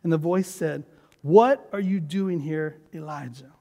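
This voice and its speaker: In an unhurried sermon, a high-voiced pastor with a dark tone preaches emphatically, his words echoing through the church sanctuary with long reverb. He has the congregation repeat after him.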